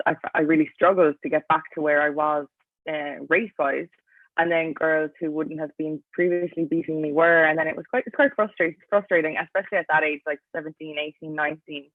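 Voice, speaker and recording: A woman's voice: deep voice, no room sound. Chatty Irish woman on a tinny line. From Ireland. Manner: chatty, fills talk with "like". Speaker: athlete guest. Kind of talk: casual interview answers. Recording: tinny, dry, phone-like line.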